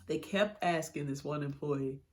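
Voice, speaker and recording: With a low, slightly mellow voice at a measured pace, a middle-aged woman relates her personal story during an interview. She is emotional, frank and blunt, and swears freely throughout.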